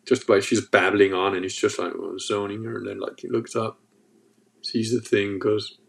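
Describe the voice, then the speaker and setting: A man's voice: fairly low pitch, flat delivery, normal speed, gravelly. Rambling, swearing man telling stories. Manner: rambling, profane, lots of fillers. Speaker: podcast host. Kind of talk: casual monologue.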